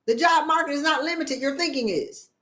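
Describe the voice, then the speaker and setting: A woman's voice: high voice, a little fast, a bit bright, reverberant. A woman leadership coach giving a motivational talk, blunt and emphatic, firing off rhetorical questions in sassy, colloquial speech.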